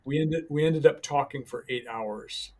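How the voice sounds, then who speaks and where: Speaking in a husky, medium-pitched voice, this male podcast guest shares a personal story in a calm, faltering way, stopping often and starting over.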